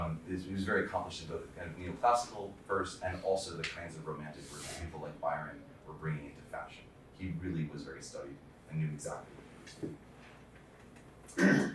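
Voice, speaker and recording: Man, very low voice, relaxed lecturer, halting delivery, recorded far off in a very echoey room with faint hiss. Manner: loose, hesitant lecturing with many ums and restarts. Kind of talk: public talk on poetry, reading aloud.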